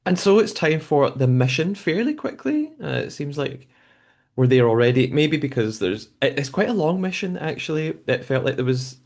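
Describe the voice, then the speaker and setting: A man hosting a podcast, recapping a show episode in a relaxed conversational way. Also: a little high, moderate pace. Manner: conversational recapping with frequent fillers and restarts. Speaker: podcast host.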